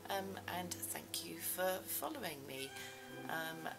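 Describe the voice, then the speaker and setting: Low-voiced woman rambling over music. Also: expressive, takes it slowly, gravelly, poor audio. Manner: rambling, self-mocking, many fillers. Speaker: vlogger. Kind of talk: casual chat.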